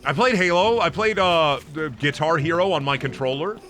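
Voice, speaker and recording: A man's voice: on the high side, moderate pace, a bit bright, soft background music. A young man streaming, ranting emphatically and swearing heavily in casual talk.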